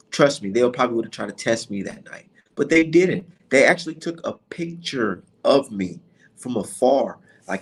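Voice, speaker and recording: A man hosting a boxing vlog tells a story in a loose rant full of slang and swearing. His voice is gravelly with a husky grain. The telling is animated and casual. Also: medium pitch. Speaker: boxing vlogger.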